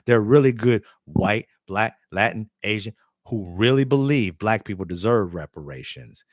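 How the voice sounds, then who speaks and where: A man's voice: on the low side, animated, moderate pace, no room sound, clean studio sound. A man hosting his own show, delivering a fiery, profane monologue. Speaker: host. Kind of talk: impassioned monologue.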